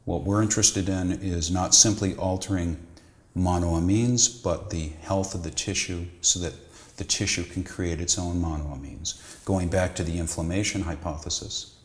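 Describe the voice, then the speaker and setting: A middle-aged man with a deep, low voice explains medical ideas in a measured, lecturing way. He pauses and restarts now and then as he builds his points. The room around him is echoey. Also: fairly even intonation. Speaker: psychiatrist guest. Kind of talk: explanatory interview answers.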